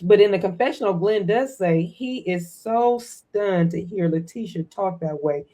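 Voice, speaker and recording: A woman hosting a casual chat recapping a reality show, animated and quick to act out quotes. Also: medium pitch. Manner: animated, acts out quotes, laughs often. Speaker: host.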